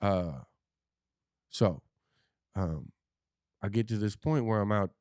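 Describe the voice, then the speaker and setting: A man's voice: lowish voice, takes it slowly, a little mellow, no room sound, studio quality. A man, a podcast guest, telling his own story candidly and bluntly, with profanity and frequent restarts.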